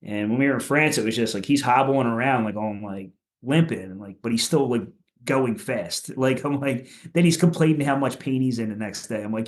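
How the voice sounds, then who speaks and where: A man's voice: medium pitch, fairly quick. A man from Philadelphia, a punk musician guest on a podcast, telling stories in a rambling way with lots of swearing and "like" fillers. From Philadelphia, USA. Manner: rambling, profane, many "like" fillers. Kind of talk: casual chat.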